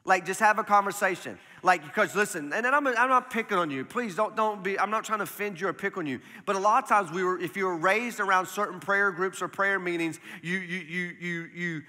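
A man's voice: high voice, a little fast, few pauses, bright, forceful tone, in a large hall. A man preaching a sermon as pastor in a church, talking in a plain conversational way and often repeating words as he pushes a point. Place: church sanctuary.

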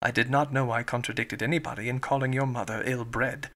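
A man voicing a rude, grumbling gentleman in an audiobook, dry and complaining. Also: mid-range voice, steady tone, fairly quick, voice pushed down, close to an everyday voice.

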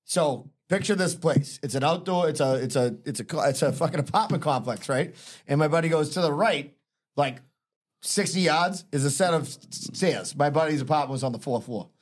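Fast-talking man rambling through a story. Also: fairly high pitch. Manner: rapid, rambling anecdotes. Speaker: podcast co-host. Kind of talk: casual chat.

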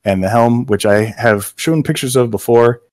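A middle-aged man in casual chat, telling a story about his job with quick quoted voices. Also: medium pitch, no echo. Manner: animated anecdote with acted quotes. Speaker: game company co-worker telling his hiring story.

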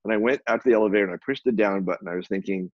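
Man, interview guest, animated storyteller, husky, dry close sound, dull lo-fi recording. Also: on the low side, rapid-fire, no echo. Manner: animated, acts out quoted dialogue, frequent restarts. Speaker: photographer and publisher, guest.

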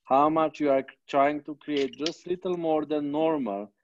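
A man's voice: a little high, a little slow, muffled recording, slight background noise. A man with a non-native accent, teaching an online class, emphatic and swearing often, on a video call. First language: Bosnian. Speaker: coach.

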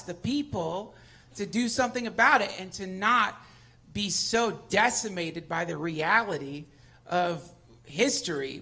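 A man guesting on a live comedy podcast, ranting excitedly and swearing a lot, sometimes building to shouts. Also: high voice. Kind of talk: casual comedic chat on a live show. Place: live venue on stage.

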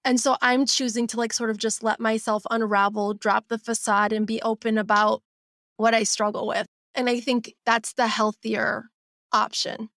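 A woman's voice: a little high, level tone, moderate pace, a bit bright, dry recording, studio quality. A woman in her forties, a guest on a podcast interview, talking candidly and reflectively, sometimes acting out her own inner voice. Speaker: guest, simplicity coach and author.

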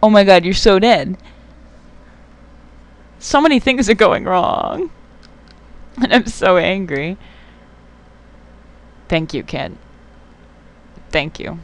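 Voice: mid-range voice, animated, slow pace, long pauses. A young adult gamer giving casual let's play commentary, swearing often, getting worked up and talking back to the game.

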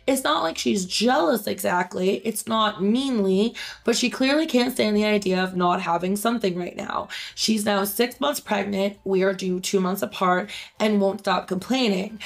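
A woman's voice: medium pitch, gravelly. A woman hosting a reaction video, reading online posts aloud and giving blunt, opinionated commentary with free swearing.

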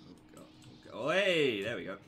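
A man's voice: medium pitch, very animated, normal speed, bright, forceful tone. Sweary sarcastic young man gaming. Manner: sweary, sarcastic, bursts into yelps and laughs. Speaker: gameplay commentator. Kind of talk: casual gameplay commentary.

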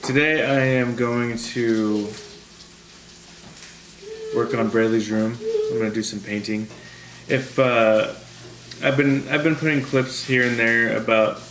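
A man's voice: on the low side, fairly bright tone. A man chatting casually in a family vlog, rambling and restarting his sentences as he explains things. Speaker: vlogger, father. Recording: echoey with clear background noise.

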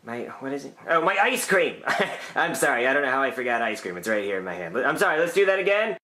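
A man's voice: mid-range voice, big pitch swings, fast, pushed and bright. A man voicing a burned-out, forgetful boy child actor in a puppet comedy skit, flustered and whiny.

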